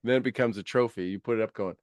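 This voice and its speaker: A man's voice: fairly low pitch, fast, no echo, studio quality. A man giving a motivational coaching talk, acting out quoted voices and laughing often.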